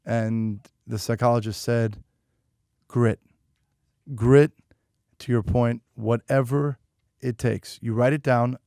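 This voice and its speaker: Gravelly-voiced man hosting a podcast. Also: mid-range voice, flat delivery, takes it slowly, pauses often, dark tone, no room sound, clean studio sound. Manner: affirming, short backchannels and earnest riffs. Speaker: podcast host. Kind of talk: casual interview chat.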